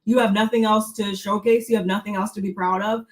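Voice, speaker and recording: A woman's voice: mid-range voice, level tone, a little fast. A woman co-hosting a casual gossip show, throwing shade with dismissive rhetorical questions. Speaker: co-host.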